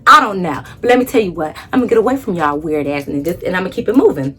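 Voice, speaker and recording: A woman vlogger telling a story in a casual, animated, blunt way, swearing freely. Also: lowish voice, rapid-fire, husky.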